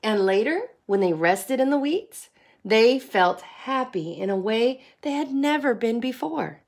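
A woman reading a picture book aloud to children in an expressive, sing-song way, like a teacher. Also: a little high, a little slow. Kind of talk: storybook read-aloud.

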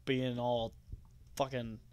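A man giving let's play commentary, swearing and yelling at enemies with sarcastic asides. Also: medium pitch, little pitch movement, slow, smooth, no echo. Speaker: gamer.

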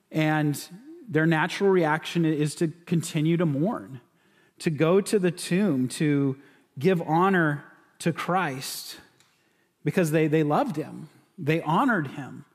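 Conversational pastor in a reverberant sanctuary. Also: male voice, fairly high pitch, measured pace. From California. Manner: conversational, with frequent restarts and repeated words. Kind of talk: sermon. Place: church sanctuary. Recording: church sanctuary with long reverb.

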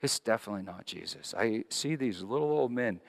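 Pastor preaching in a reverberant hall. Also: male voice, fairly low pitch, a little fast, creaky, hardly any pauses. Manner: storytelling, shifting between hushed and animated. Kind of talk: sermon.

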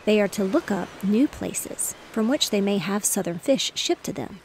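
A woman reading the part of a cheerful, reassuring father in a bedtime storybook, with a slightly gravelly voice. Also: medium pitch, lively intonation, moderate pace, a little mellow, slight background noise, natural voice. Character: cheerful fatherly man, fish merchant.

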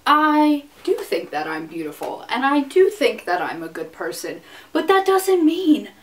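Young woman vlogger, profane and sarcastic rant, very lively pitch, mic a bit far off. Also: unhurried. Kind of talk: casual rant to camera. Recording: distant mic with faint noise.

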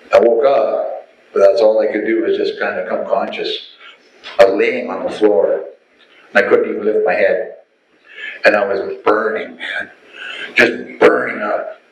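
Animated man telling his story. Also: lowish voice, a little hiss or hum. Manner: animated storyteller who acts out voices. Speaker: testimony speaker. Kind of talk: personal testimony storytelling. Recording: echoey room, faint ambience.

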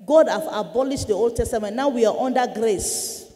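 A woman's voice: a little high, moderate pace, mellow, big-room sound, lightly acted. A woman voicing a mocking, preachy middle-aged male pastor in a testimony sermon. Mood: dismissive. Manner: scornful, preachy, emphatic.

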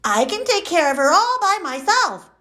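A woman voicing Froggy, an eager, impatient little boy frog, in a high, animated childlike voice. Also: normal speed, heavily acted.

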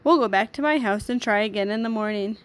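A woman voicing a cheerful, eager young male hedgehog in a storybook read-aloud, with bright, excited exclamations. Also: mid-range voice, quick pace, lightly acted.

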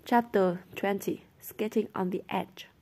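Soft-voiced woman reading a novel aloud. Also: mid-range voice, steady tone, measured pace. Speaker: narrator.

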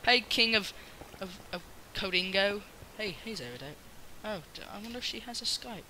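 A young man hosting a casual gameplay video, rambling and excitable, with bursts of shouting at other players. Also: sits high, moderate pace. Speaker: gaming channel host.

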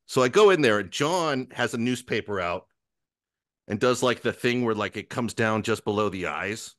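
A man's voice: on the low side, moderate pace, no room sound. Guy rambling through a sweary story, acting out everybody's lines, dry close sound. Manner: animated storyteller who acts out other people's lines; profane, rambling, self-interrupting. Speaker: guest. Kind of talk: casual anecdote telling.

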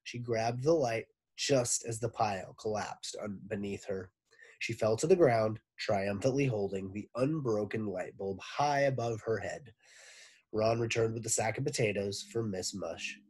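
A man, a teacher, reading a children's book aloud with expressive narration. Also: lowish voice, measured pace, breathy edge. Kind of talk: storybook read-aloud.

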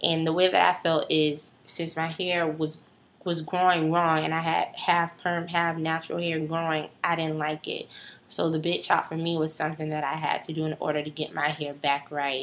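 A young woman in her early twenties vlogs to camera in an easygoing, rambling way, piling up fillers and side remarks. Her voice sits noticeably low. A faint hiss runs under the recording. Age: early 20s. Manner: chatty, rambling with many fillers and asides. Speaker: vlogger. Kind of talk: casual chat to camera.

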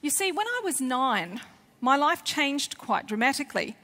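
A woman, a children's author and former teacher, telling a lively, expressive story to schoolchildren at a festival. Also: high-pitched, normal speed. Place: large festival hall. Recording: long hall reverb.

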